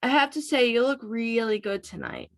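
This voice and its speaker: A woman reading as a smooth-talking teenage boy. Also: a little high, normal speed, lightly acted. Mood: evasive.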